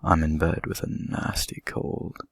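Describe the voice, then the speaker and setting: A man voicing a sly, hungry big bad wolf in a storybook reading, growling and loud. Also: unhurried, no echo, clean studio sound, close to an everyday voice. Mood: menacing.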